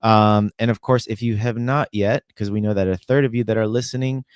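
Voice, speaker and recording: A man co-hosts a soccer podcast and talks in an easygoing, joking way. His voice is fairly low, smooth and resonant. It is recorded close and dry, with no room sound. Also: fairly even intonation, brisk, no room sound. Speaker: podcast co-host. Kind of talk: casual sports podcast chat.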